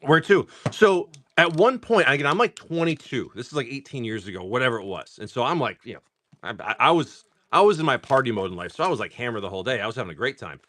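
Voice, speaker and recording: Lively, rambling man in his forties. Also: medium pitch, fast. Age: 40s. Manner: rambling, profane storyteller; frequent throat clearing and filler words. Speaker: live-stream card seller. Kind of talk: casual live-stream chat while opening card packs.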